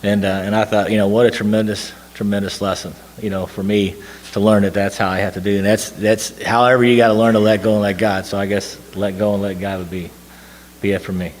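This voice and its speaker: A man's voice: fairly low pitch, level tone, brisk, slight background noise. A man telling a long personal story to a recovery group, rambling with fillers and restarts. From Tennessee. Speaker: recovery meeting speaker. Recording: long hall reverb.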